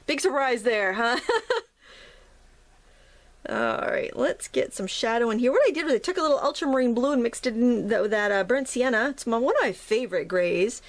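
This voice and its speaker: A middle-aged woman from New England, chatting and rambling while she teaches a watercolor painting tutorial, often laughing at herself. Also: mid-range voice. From New England, United States. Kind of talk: casual narrated painting tutorial.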